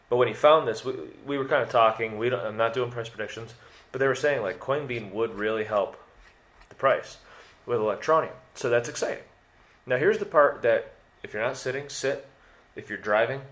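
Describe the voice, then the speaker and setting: Rambling man hosting a casual update video. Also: fairly low pitch. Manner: rambling, self-correcting, jokey asides. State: has the hiccups. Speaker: crypto video host.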